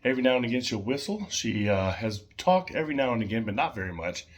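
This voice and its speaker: A man casually showing his pet birds at home, chatting in a rambling way with fillers and soft laughs. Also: mid-range voice, very animated, fast talker.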